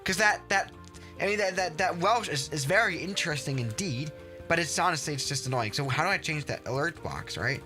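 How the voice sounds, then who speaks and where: A young man talks through a flight sim session in a bouncy, animated voice that rises and falls freely. His tone is bright and a little tense, and he gets excitable and exasperated, tripping over his restarts. Faint music plays underneath. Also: on the high side, brisk. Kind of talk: casual gameplay commentary.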